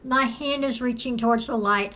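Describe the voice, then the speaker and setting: A woman telling her own story to her viewers in an earnest, deliberate way, repeating phrases for emphasis and coughing now and then. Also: on the high side, a bit bright. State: coughing at times. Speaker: video creator sharing a personal story. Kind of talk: personal testimony to camera.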